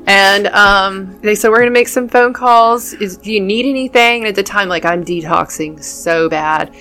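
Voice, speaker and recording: A woman's voice: mid-range voice, moderate pace, bright, forceful tone, faint music behind. Earnest woman telling her story. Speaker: guest. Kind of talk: telling her faith testimony.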